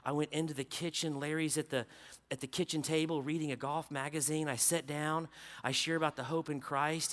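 A man preaching a sermon as a story, swinging from loud exclaiming to hushed, quiet narration. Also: a little high, fairly even intonation, a little fast.

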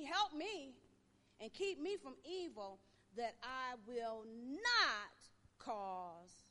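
A woman's voice: on the high side, bright, forceful tone, big-room sound, slight background noise. A woman preacher delivering an impassioned sermon and calling on the congregation to answer back. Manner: impassioned preaching with call-and-response.

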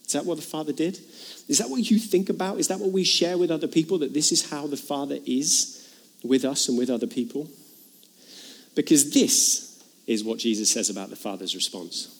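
A man's voice: brisk, darkish tone. Earnest man preaching a sermon. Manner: earnest, rises in pitch and volume for emphasis, retells scripture dramatically.

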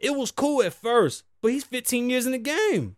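Male podcast host, higher voice, dead-dry close mic, profane hot-headed rant delivery. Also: expressive, moderate pace, no echo. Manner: profane, heated, swings loud and quiet. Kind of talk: ranting commentary.

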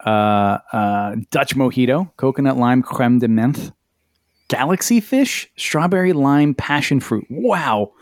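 A man's voice: medium pitch, measured pace, few pauses, no room sound, clean studio sound. A middle-aged man co-hosting a podcast, reading a menu aloud with wry amusement and casual swearing. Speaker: podcast co-host. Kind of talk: casual chat.

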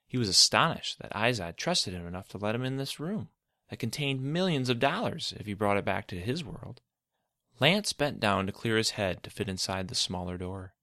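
A man with a very low voice reads a fantasy story aloud at an even, measured pace. His tone is forceful and bright-edged despite the depth. The recording is close and completely dry. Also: dry recording. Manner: steady, measured read-aloud delivery. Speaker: narrator. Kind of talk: storybook narration.

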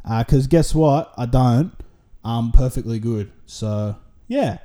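A man's voice: medium pitch, slow pace, dark tone. A man with an Australian accent hosting a solo podcast, rambling through a casual, sweary monologue full of tangents. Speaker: podcast host.

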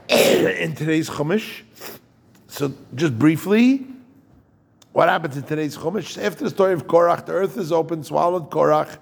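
Rabbi guy with a high-ish raspy voice, loose joking torah talk, keeps asking the room stuff. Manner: jokey, digressive, asks listeners questions.

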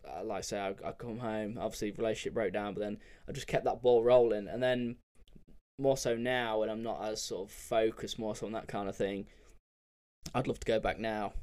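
A young man, telling travel stories on his podcast in a loose, candid, sweary way with lots of fillers. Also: lowish voice. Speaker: podcast host. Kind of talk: casual solo storytelling.

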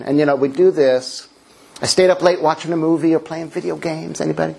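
Animated storytelling preacher, a man. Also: normal speed, creaky. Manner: lively storytelling with self-mocking humor; animated, swings into high character voices. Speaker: pastor. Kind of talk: sermon.

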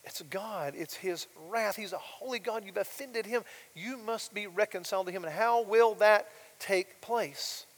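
A man preaching a sermon as pastor, swinging from loud emphatic declarations to soft quiet asides and asking rhetorical questions. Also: high voice, unhurried, hardly any pauses. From United States. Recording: long reverb of a large hall.

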